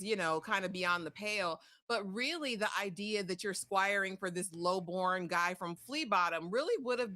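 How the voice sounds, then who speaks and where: A woman's voice: medium pitch, bright, forceful tone. A woman hosting a live episode discussion, retelling scenes and acting out the lines in quotes. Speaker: show host.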